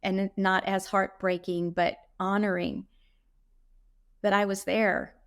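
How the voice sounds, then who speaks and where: A middle-aged woman giving an earnest, heartfelt faith testimony in an interview, often pausing with "um". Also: mid-range voice, little pitch movement. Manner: earnest, heartfelt, with frequent "um" pauses. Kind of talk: reflective interview answers.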